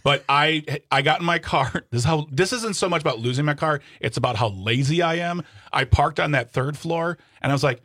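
A man's voice: on the high side, brisk, hardly any pauses, sharp tone, no echo, studio quality. A man co-hosting a talk radio show, chatting casually and poking fun at himself, often repeating words as he goes. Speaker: radio co-host. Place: radio studio.

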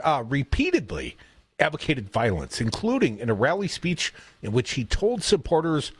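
A male radio co-host riffs on politics with a sardonic, jokey edge. His voice is slightly high and husky, and it swoops all over the place. The studio sound is dry and close. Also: wildly swooping pitch, normal speed, no echo. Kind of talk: casual political talk radio banter. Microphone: studio microphone.

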